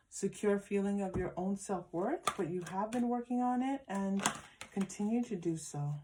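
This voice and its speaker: A woman giving a pick-a-card tarot reading, speaking gently and affirmingly to her viewers, with frequent restarts. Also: medium pitch, a little hiss or hum. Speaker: tarot reader.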